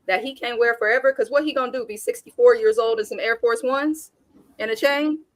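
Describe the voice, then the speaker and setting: A woman's voice: fairly high pitch, fairly quick, dry recording. A woman from Oakland, California talks through a reality TV episode in a casual, blunt and sassy way. She sounds opinionated and unfiltered. The recording is dry, with almost no room sound. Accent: African American Vernacular English speaker from Oakland. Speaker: reality TV review host. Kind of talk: casual recap commentary.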